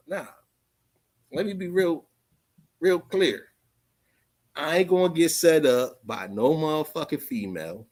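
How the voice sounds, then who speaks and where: A man hosting his own livestream, ranting off the cuff with heavy profanity. His pitch rides up and down with a lively, animated swing. He drops to mutters, then bursts out loud, repeating lines as he goes. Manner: profane, rambling, repeats phrases. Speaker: livestream host. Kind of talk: unscripted livestream rant.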